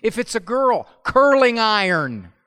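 A man's voice: very high voice, a little slow, smooth. A middle-aged man giving a humorous live talk, telling stories and acting out family members' voices. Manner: animated storyteller, acts out family voices. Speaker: speaker at a parenting talk. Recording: long hall reverb.

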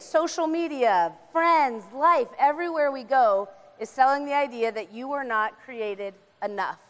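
High-voiced woman speaking in a hall. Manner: animated, acts out voices of God and the brain. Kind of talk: faith-based talk on anxiety. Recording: reverberant hall.

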